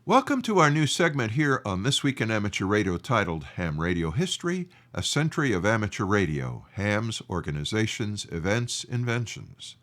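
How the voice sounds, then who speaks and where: A man presenting a radio history segment in scripted narration, reading in a measured, deliberate way. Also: fairly low pitch, very animated, a bit bright.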